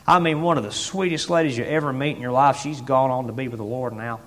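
Male preacher, animated folksy storyteller who drops to a hush then shouts; long church reverb. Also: mid-range voice, quick pace. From Tennessee. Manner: swings from hushed asides to shouted exclamations; folksy, many fillers like "I mean" and "boy".

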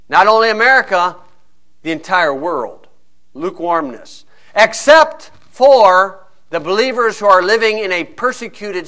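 A man preaching a sermon, telling a lively story and acting out quick asides from other people. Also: high-pitched. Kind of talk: sermon with a sports illustration.

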